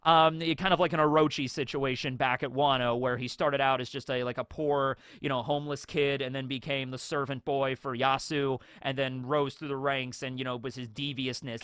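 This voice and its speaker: A man's voice: mid-range voice, little pitch movement, normal speed, few pauses, fairly bright tone, clear, resonant tone, no room sound, clean studio sound. A man hosting a casual fan theory video who rambles and leans on filler words. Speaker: YouTube host.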